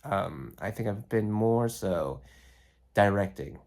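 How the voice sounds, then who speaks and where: Lying on his side and later getting up, a young man vlogs on his phone in a slow, lowish voice with lively intonation and a slightly mellow sound. He sounds congested and throaty, wandering through his thoughts with many fillers.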